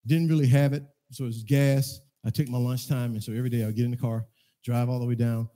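A man preaching a sermon, telling a personal story in a loose conversational way that keeps rising into loud, emphatic preaching in a church. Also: medium pitch, little pitch movement, fast talker. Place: church sanctuary.

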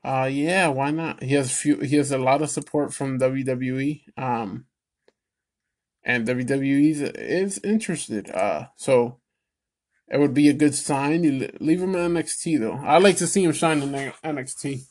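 A wrestling commentary vlogger with a mid-range, slightly slow voice rants casually and alone about wrestling. He rambles with fillers, calls his viewers "people," and swings from excitement to angry, cursing tirades as he gets worked up.

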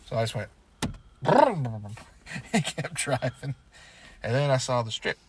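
Man, podcast co-host, casual chat, profane storyteller, animated pitch, faint background hiss. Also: takes it slowly. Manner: loose, profane storytelling with goofy voices and barking sounds.

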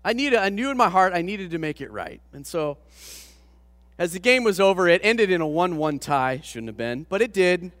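A man preaching, a pastor telling a personal story to his congregation with animated, self-deprecating humor. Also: high voice, moderate pace, no room sound, big-room sound. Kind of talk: storytelling sermon.

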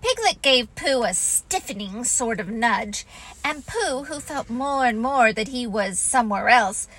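A woman narrating a storybook in a gentle, expressive reading voice. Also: a little high, unhurried, low-quality recording.

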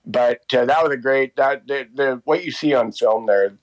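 A man's voice: mid-range voice, normal speed, poor audio. Rambling man in his fifties. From Canada. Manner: rambling, many fillers and restarts. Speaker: interviewee, walking tour guide. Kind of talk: casual storytelling.

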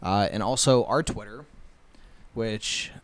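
Laid-back man with a smooth clear voice. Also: lowish voice, slow. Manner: laid-back, dry one-liners, laughs easily. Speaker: podcast co-host. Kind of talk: casual podcast chat.

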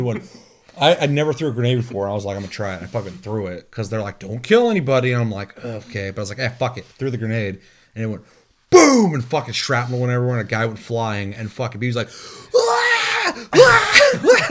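A man in casual chat about a video game, telling animated stories with laughter, swearing and mimicked sounds. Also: lowish voice, fast talker.

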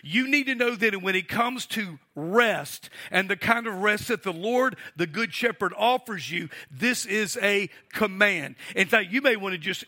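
Bright, high-voiced preaching man. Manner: emphatic preaching with call-and-response questions. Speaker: pastor. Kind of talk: sermon.

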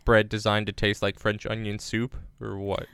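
A man co-hosting a podcast in casual chat, rambling with jokey deadpan asides. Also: lowish voice, moderate pace, gravelly, smooth, dry recording. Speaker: podcast co-host. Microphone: remote recording on separate devices.

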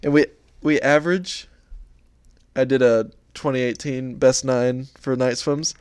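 A man's voice: medium pitch, steady tone, a little slow, smooth, dry recording. A young man co-hosting a podcast in casual chat, rambling through stories and laughing as he goes. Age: young adult. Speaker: podcast co-host.

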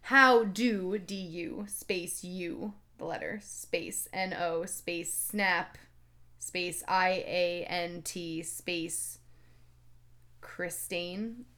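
A woman's voice: fairly low pitch, sharp tone. A woman co-hosting a comedy podcast, reading a fanfic aloud in a sardonic, exasperated way and swearing freely. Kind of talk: casual comedic read-along.

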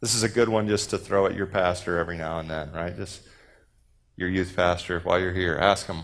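A man's voice: low-pitched, moderate pace, fairly bright tone. A man from Houston preaching a casual, joking sermon to a youth group, with many fillers and restarts. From Houston, Texas. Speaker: pastor.

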